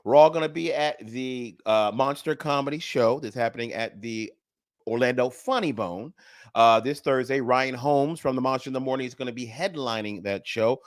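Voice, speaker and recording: A man hosting a comedy talk radio show, upbeat as he runs through plugs and shout-outs. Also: mid-range voice, moderate pace, no echo, studio quality. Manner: upbeat, promotional. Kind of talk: casual radio banter and plugs. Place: radio studio.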